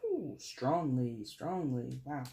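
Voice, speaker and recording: A man's voice: mid-range voice, lively intonation, slow pace, gravelly, dark tone. Chatty man reading tarot cards. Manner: chatty and rambling, self-correcting; addresses viewers as guys. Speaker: tarot reader. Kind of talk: casual tarot reading vlog.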